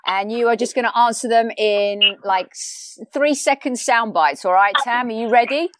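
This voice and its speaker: A woman hosting a casual chat, running a quick-fire quiz in a brisk, playful manner. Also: on the high side, a bit bright, no echo, studio quality. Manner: brisk, playful, calls guest babe. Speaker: host.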